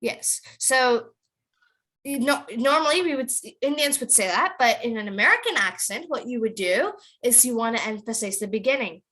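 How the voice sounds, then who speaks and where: A woman teaching an online accent class to children over a video call. She drills words slowly and with emphasis, switching between English and Tamil. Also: on the high side, expressive, pushed and bright, rough recording.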